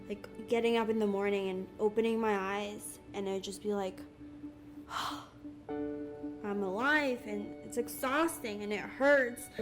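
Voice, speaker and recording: Earnest young woman, halting speech. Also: a little high. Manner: earnest, halting, with many fillers and restarts. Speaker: interviewee sharing her story. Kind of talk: candid personal testimony. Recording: music bed under the voice.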